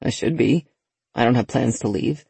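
Relaxed young husband, pitched down, a woman reading him. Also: moderate pace, creaky, husky, dry recording, heavily acted. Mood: easygoing. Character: warm, easygoing young husband.

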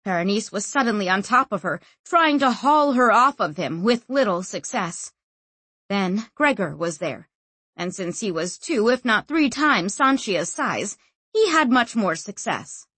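A woman narrating a novel as an audiobook, expressive and acting out every figure. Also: mid-range voice, measured pace, breathy edge, dry recording. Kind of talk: scripted narration.

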